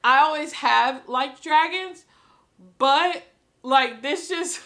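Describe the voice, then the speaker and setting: Bright, high-voiced excitable woman vlogger. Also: slow. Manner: excitable and gushing, laughs often; rambling, repeats herself. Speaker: book vlogger. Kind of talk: casual reading-reaction vlog. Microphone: camera she films herself with.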